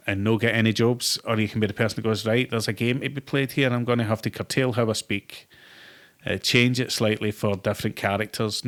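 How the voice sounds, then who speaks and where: A man's voice: mid-range voice, fairly bright tone. A middle-aged Glaswegian man in a casual interview, an actor who tells stories full of swearing and acted-out quotes. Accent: Glasgow. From Scotland. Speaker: actor guest.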